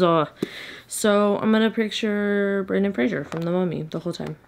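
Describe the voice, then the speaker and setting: A woman's voice: lowish voice, expressive, normal speed, vocal fry. A woman, chatting playfully at home as a reading vlogger, sometimes dropping to a whisper. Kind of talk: casual vlog chat. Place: home, indoors.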